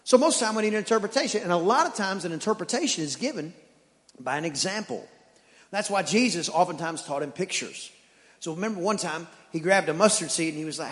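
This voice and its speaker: A pastor with a slightly high, animated, bright-toned voice preaches at a fairly quick clip, joking and acting out the voices of people in his stories. The church sanctuary gives the recording a long, hall-like reverb.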